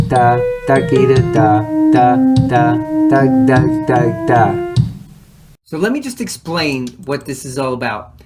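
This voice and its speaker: A man teaching music, explaining rhythms in a casual, unscripted way, restarting his sentences and softly voicing rhythm syllables. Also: medium pitch.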